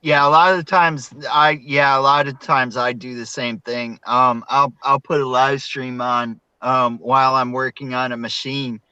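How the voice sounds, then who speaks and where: A man chats hesitantly on a live stream, filling pauses with ums. His voice is bright and smooth, while the audio itself sounds dull and lo-fi. It is dry, with no room echo. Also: mid-range voice, level tone. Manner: hesitant, many fillers. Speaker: fellow streamer. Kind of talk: casual live stream chat.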